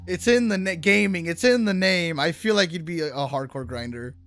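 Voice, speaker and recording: Young guy hosting a gaming chat, kinda high voice, rambly, swears a bit, faint music behind. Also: a little fast, a bit bright. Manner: loose and rambling, with restarts and casual swearing. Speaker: gaming YouTuber host. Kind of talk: casual chat.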